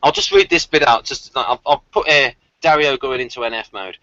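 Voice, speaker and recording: A man hosting a casual group video-call chat, animated and quick to laugh, who likes trying out accents. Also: mid-range voice, no room sound, highs cut off. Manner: animated, laughs often, tries accents for fun. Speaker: channel host.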